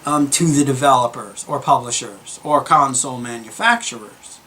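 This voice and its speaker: A young man hosting his gaming channel, giving a calm, earnest opinion monologue with many fillers and restarts. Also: mid-range voice, normal speed, a little hiss or hum. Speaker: gaming YouTuber.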